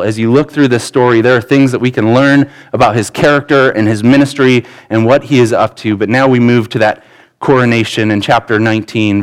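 A man's voice: medium pitch, clear, resonant tone, poor audio. A pastor in his thirties preaching a sermon in an earnest, conversational way, with asides and restarts.

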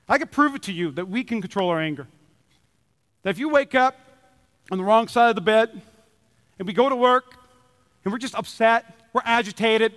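A man's voice: high-pitched, fairly bright tone, smooth. A man preaching a Sunday sermon as pastor, talking animatedly and acting out the voices of the people he quotes. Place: church auditorium. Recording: long reverb of a large hall.

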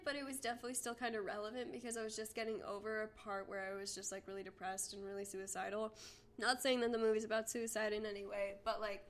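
A nineteen-year-old woman co-hosting a podcast in casual, giggly chat with quick asides. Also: mid-range voice. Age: teens. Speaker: podcast co-host.

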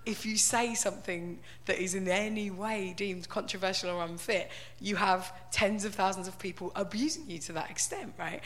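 A woman's voice: mid-range voice, fairly bright tone. A woman giving a wry, conversational stand-up style talk full of "like" and "right?". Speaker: comedian.

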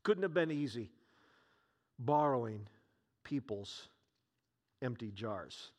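A man's voice: medium pitch, lively intonation, takes it slowly. A man preaching a sermon, retelling a scripture scene with acted dialogue and many rhetorical questions.

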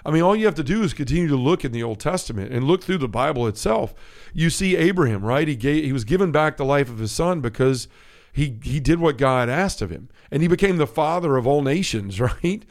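A man hosting a faith podcast alone, speaking earnestly and conversationally and often checking in with "right?". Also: fairly high pitch. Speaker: podcast host. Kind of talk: casual faith talk.

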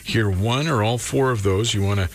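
A man's voice: lowish voice, moderate pace, a little hiss or hum. A man hosting a morning radio show, chatting casually and laughing often.

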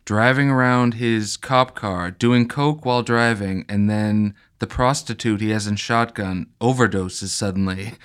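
A man's voice: lowish voice, a little slow, few pauses, fairly bright tone, smooth. A man co-hosting a podcast, chatting casually with a sarcastic, mocking tone. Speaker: podcast co-host. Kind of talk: casual comedic chat.

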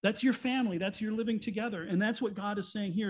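A man's voice: high-pitched, quick pace, few pauses. A man preaching a sermon as a pastor, earnest and full of rhetorical questions, sometimes speaking in God's voice.

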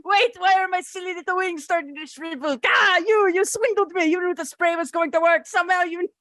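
A woman's voice: very high voice, fairly quick, fairly bright tone, no echo, studio quality. A woman voicing an indignant winged male alien junk dealer in a mock Italian accent, blustering and outraged.

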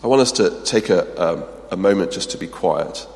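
A man's voice: low-pitched, animated, moderate pace, vocal fry, darkish tone, big-room sound. A man preaching a sermon, earnest and emphatic, often restarting with ums, then leading a closing prayer.

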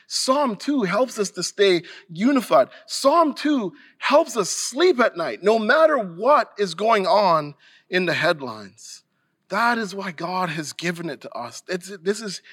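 A man's voice: sits high, fairly bright tone. A male pastor preaching a sermon earnestly and emphatically, sometimes restarting a phrase.

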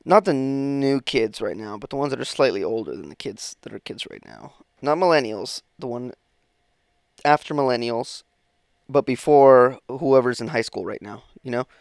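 A man with a gravelly, creaky voice talks alone on his podcast, drifting from thought to thought and swearing freely. The sound is dry and close, with no room around it. He sounds a bit sleepy, trailing off and restarting his sentences. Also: mid-range voice, animated, moderate pace, no echo. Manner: rambling, profane, self-interrupting. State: sleepy, yawning. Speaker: podcast host. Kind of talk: casual solo podcast monologue.

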